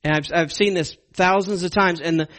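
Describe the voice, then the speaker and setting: A man giving a conversational Bible teaching, earnest and emphatic, slowing down on key words for stress. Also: high-pitched, steady tone, a bit bright.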